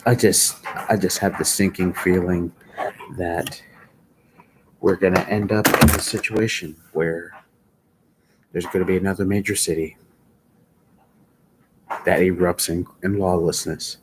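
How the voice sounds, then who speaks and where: A sleepy man speaking live commentary in a slow, halting way, often repeating himself. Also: sits low, steady tone, background noise. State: sleepy, yawning. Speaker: livestream commentator.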